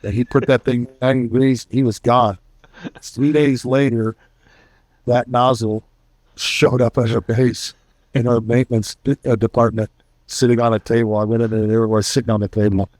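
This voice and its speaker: A man's voice: medium pitch, flat delivery, normal speed, a little mellow, dry recording. Middle-aged man telling war stories. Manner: storytelling, acts out quoted voices. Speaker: retired military pilot and author. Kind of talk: casual war stories to an audience.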